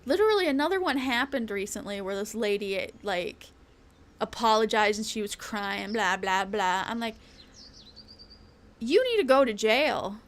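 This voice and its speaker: A woman's voice: mid-range voice, expressive, normal speed. A woman streaming a game, ranting in casual chat, blunt and rambling, swearing often and laughing between lines. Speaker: VTuber streamer. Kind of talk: casual live-stream rant while gaming.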